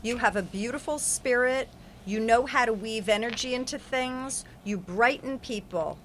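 A woman's voice: fairly high pitch, normal speed, slight background noise. A woman giving an earnest, affirming spiritual reading on a podcast, with lots of repetition. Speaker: psychic reader.

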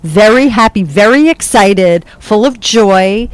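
Woman psychic reader, chatty and animated, casual session. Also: medium pitch, slow pace, clear, resonant tone, dry recording. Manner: animated, laughing, puts on playful voices. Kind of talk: casual spiritual reading.

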